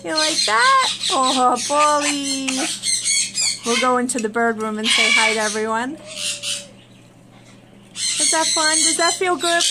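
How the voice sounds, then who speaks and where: A woman's voice: high voice, very noisy. A woman vlogging with her pets in casual chat, talking into a hand-held phone and cooing baby talk at her birds. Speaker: pet vlogger. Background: birds chirping and squawking.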